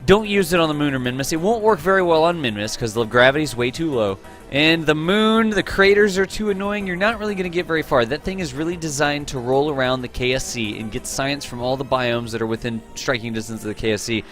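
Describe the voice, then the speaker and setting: A man with a slightly high voice hosts a live stream from his home setup and talks loosely with his chat. He greets viewers by name, teases them and laughs easily. Soft music plays faintly in the background. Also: quick pace, hardly any pauses.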